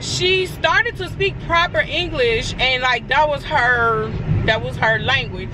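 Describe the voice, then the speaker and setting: A woman with a Chicago accent, narrating her vlog in a lively, casual way and talking straight to her viewers. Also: high voice, takes it slowly, noisy background. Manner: animated, laughing, talks straight to the viewers. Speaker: vlogger.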